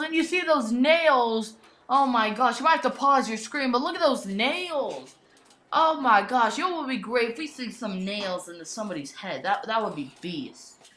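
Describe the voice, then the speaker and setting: Young woman, high bright voice, excited toy-match commentary, shouty exclamations, echoey room. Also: a little hiss or hum.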